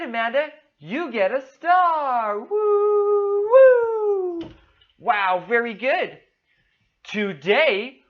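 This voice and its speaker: A woman's voice: on the high side, a bit bright, muffled recording. A woman teaching a demo English lesson to a young child, giving over-the-top praise, drawing out her words and making animal noises. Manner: exaggerated, enthusiastic praise; slow, drawn-out words.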